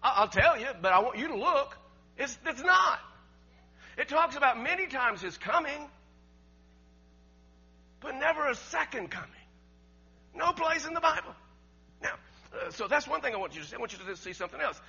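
A man preaching a sermon, emphatic and rising to near shouts, with laughs between his points and words he repeats. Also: very high voice, very animated, moderate pace, gravelly, long pauses, faint music behind. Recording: dull lo-fi recording with mains hum.

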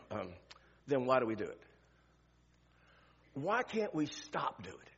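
An older man delivers a sermon to his congregation in a high, gravelly, slightly bright voice whose pitch rises and falls a lot. His style is conversational, full of rhetorical questions and restarted sentences, and the recording is dull and lo-fi.

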